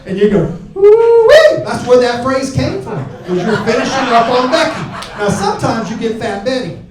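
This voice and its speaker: A man's voice: extremely high pitch, brisk, music in the background, crowd noise. A man from Alabama, doing a crude, brash stand-up set on a club stage with a handheld mic. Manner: crude, brash, shouting punchlines. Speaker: stand-up comedian. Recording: roomy club sound from far off.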